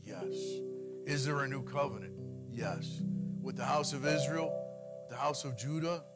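A man preaching a sermon, asking the congregation questions and answering them himself, rising loud and high for emphasis and dropping low and quiet for scripture. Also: unhurried, loud music behind the voice. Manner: preaching with call-and-response questions. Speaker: pastor.

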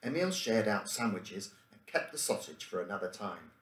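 A man reading a children's story aloud in a measured voice. His pitch moves around a lot, and the room around him is roomy and echoey. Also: big pitch swings. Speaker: reader of a children's book.

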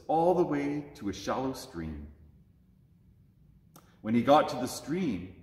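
A man reading a children's story aloud at a church service, with expressive, lively delivery in an echoey church. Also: fairly high pitch. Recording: echoey church with long reverb.

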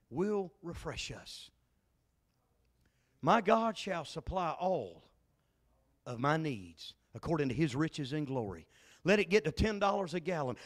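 A male pastor with a high-pitched, fairly bright voice preaches a fervent, folksy Pentecostal sermon at a Bible study, full of repetition.

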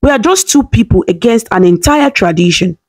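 A woman's voice: medium pitch, expressive, a little fast. A woman voicing a torn, anguished young husband and father who speaks in a pained, hesitant way.

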